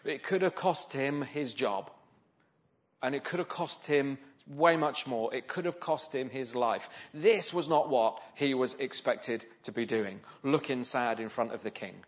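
A man's voice: medium pitch, measured pace. A man preaching a sermon in a conversational way, often asking the listeners rhetorical questions. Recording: slightly dull, lo-fi sound.

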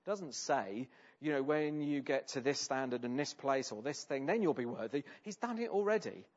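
A man delivers a sermon at an ordinary pitch, earnest and conversational, leaning on tag questions to draw his listeners in. The recording is a little dull and lo-fi. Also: lively intonation, moderate pace. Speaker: preacher.

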